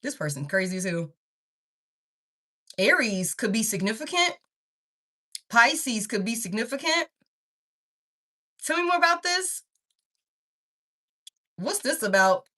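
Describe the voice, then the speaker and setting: A woman's voice: a little high, very animated, takes it slowly, pauses often, sharp tone. A woman doing a casual tarot reading, talking straight to her viewers in a rambling, candid way and swearing freely. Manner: talks straight to viewers, calls them baby and y'all. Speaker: tarot reader.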